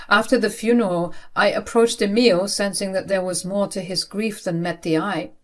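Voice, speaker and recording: A woman in her twenties telling her own life story in the first person, in a steady, earnest way. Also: on the low side. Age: 20s.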